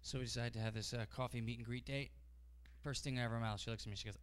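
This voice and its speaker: A male stand-up comic doing a set with a deadpan delivery. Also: medium pitch, very fast, smooth.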